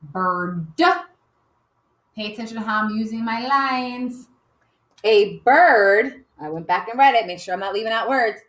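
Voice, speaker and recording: A woman teacher slowly modeling a writing lesson for young children, sounding out letters with cheerful emphasis. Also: fairly high pitch, fairly bright tone. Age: adult. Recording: echoey room.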